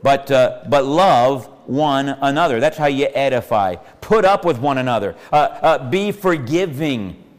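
A man's voice: mid-range voice, expressive, measured pace. Folksy male pastor preaching in a hall. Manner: folksy, asks the congregation questions, repeats phrases. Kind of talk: sermon. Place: church sanctuary. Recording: long hall reverb.

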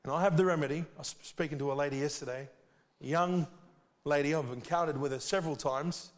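A man preaching a sermon, earnest and urgent, with sudden loud swells and soft drops. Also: a little high, quick pace, big-room sound.

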